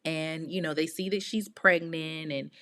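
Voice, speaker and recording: A woman hosting a podcast, telling a true-crime story in a casual, animated way, with outspoken, exasperated asides in slang. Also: low-pitched, unhurried. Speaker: podcast host.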